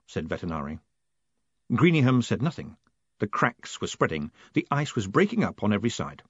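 A man reading an audiobook as narrator, calm and expressive. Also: lowish voice, fairly quick, slightly rough, no room sound, muffled recording. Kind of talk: scripted narration.

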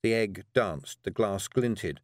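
A man reading a fantasy novel aloud as an audiobook narrator, measured and drily humorous. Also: lowish voice, expressive, dry recording, studio quality.

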